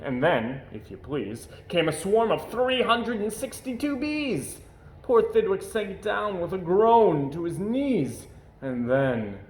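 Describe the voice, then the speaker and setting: A man reading a rhyming picture book aloud with an expressive, rhythmic delivery. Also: a little high, slight background noise. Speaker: storyteller. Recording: echoey room.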